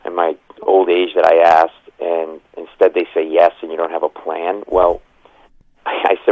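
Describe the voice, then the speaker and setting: In a dry, low-quality recording, a man in his fifties with a deep, darkish, fairly flat voice tells stories in an interview. The comedian, from Providence, Rhode Island, moves quickly through anecdotes, laughing and acting out other people's voices.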